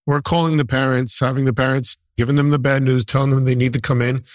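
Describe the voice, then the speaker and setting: A man's voice: medium pitch, steady tone, quick pace, no room sound. Middle-aged man, heartfelt, emphatic, dry close sound. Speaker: neonatal nurse. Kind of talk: conversation.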